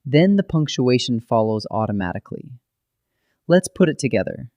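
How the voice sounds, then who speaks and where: A man narrating a scripted grammar lesson, explaining rules in a steady, methodical way. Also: mid-range voice, measured pace, dry recording. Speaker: grammar teacher.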